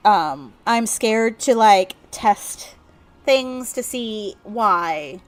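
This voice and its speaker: A woman's voice: medium pitch, animated, drawn-out words. A woman streamer giving casual, rambling gameplay commentary full of fillers. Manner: chatty, rambling, with many fillers.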